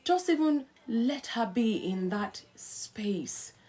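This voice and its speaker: A middle-aged woman talks straight to her listeners about marriage, her voice sitting a little high. She speaks in an earnest, coaching way that turns lively when she acts out a spouse mid-argument. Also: slow. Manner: animated, acts out quarrelling spouses in quotes. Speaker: host. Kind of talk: live-stream marriage advice talk.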